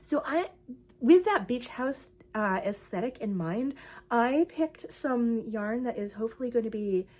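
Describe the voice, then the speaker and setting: A young woman with a slightly high voice and a darkish tone chats casually about her crochet project. As a crochet vlogger, she rambles along with plenty of fillers.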